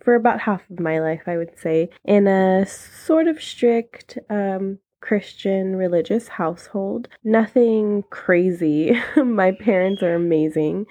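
This is a thirty-year-old woman, talking alone on her podcast. She is candid and chatty and laughs easily. Her voice sits at an ordinary middle pitch. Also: slow pace, mellow. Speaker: podcast host. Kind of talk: casual solo podcast talk.

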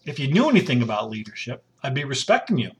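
A middle-aged man in mid pitch talks on his own in casual commentary. He is blunt and rambling. He repeats phrases, restarts sentences and trails into fillers. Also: very animated, fast.

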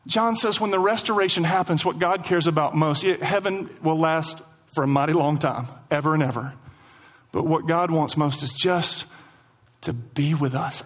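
A man preaching a sermon as pastor, animated, repeating lines for emphasis and slowing down to stress his points. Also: high-pitched. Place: church sanctuary.

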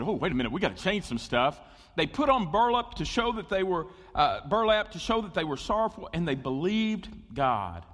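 Male pastor, conversational sermon, long hall reverb. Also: a little high. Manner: animated, conversational, with asides and jokes to the congregation.

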